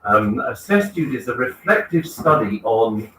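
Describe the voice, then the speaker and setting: A man at an open mic in a small bookshop, introducing his writing in a hesitant, halting way. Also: mid-range voice, sing-song, a bit bright. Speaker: open mic performer, writer. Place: small bookshop stage, live audience. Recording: roomy bookshop, mic at a distance.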